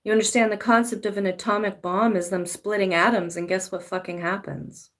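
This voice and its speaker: A woman's voice: medium pitch, steady tone, a little fast. A woman giving a casual spiritual talk as a tarot reader, swearing freely and now and then acting out pleading voices. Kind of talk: spiritual monologue.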